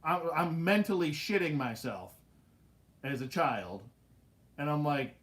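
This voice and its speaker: A man hosting a casual livestream, telling stories in an animated way with laughs and swearing. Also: medium pitch, measured pace. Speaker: livestream host. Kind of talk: casual storytelling chat.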